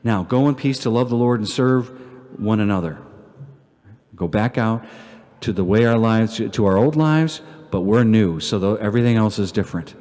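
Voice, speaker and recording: A man, a priest, giving an earnest homily at Mass that swings between emphatic peaks and hushed prayer. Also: on the low side, lively intonation, normal speed. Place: church. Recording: long church reverb.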